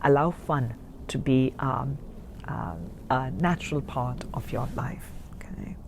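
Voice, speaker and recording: A woman giving a general spiritual reading to her viewers, chatty and rambling, who often checks in with "okay?" and moves between hushed and excited moments. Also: rumbling low, slow, gravelly, background noise. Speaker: spiritual card reader.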